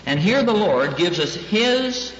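A man's voice: sits high, big pitch swings, takes it slowly. A male minister teaching a class in an earnest preaching style, repeating key lines for emphasis. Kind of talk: preaching lecture. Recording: dull echoey hall with faint hiss.

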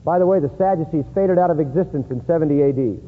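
Guy preaching, husky voice, tinny phone-like sound with long echo. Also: fast talker. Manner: emphatic, rising to loud high peaks for stress. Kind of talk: sermon. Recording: echoey hall on a tinny lo-fi line.

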